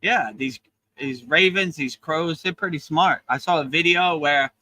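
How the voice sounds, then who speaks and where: Bright-voiced earnest spiritual host. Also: male voice, fairly high pitch, measured pace, poor audio. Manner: earnest, emotional, repeats words when starting sentences. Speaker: yoga teacher and livestream host. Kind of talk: casual spiritual chat. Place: beach in Thailand.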